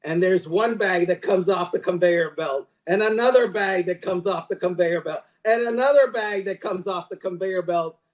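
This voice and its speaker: A male sports writer guest chats casually and spins animated, jokey stories. His voice is notably high for a man. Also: moderate pace, hardly any pauses, low-quality recording. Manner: animated storyteller with jokey analogies.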